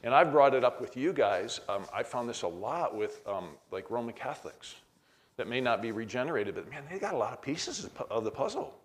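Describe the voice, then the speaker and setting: A man's voice: medium pitch, big pitch swings, brisk. A man, middle-aged, teaching a Bible class in a conversational way, reading verses aloud with frequent restarts.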